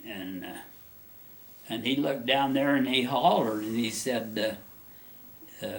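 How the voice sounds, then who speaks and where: A man's voice: medium pitch, slow pace, pauses often. A man being interviewed, telling a personal story in a rambling, folksy way with many restarts.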